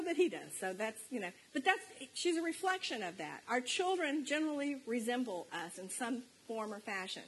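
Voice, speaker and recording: A woman's voice: a little high, a bit bright, a little hiss or hum, poor audio. A middle-aged woman giving a conversational sermon in church, speaking earnestly and plainly and reading scripture aloud. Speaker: preacher. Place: church service.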